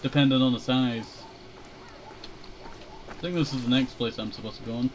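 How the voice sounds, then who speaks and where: A man's voice: medium pitch, fairly even intonation, normal speed, slight background noise, poor audio. Laid-back young man rambling over gameplay. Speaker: streamer playing a shooter game. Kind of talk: casual gaming commentary.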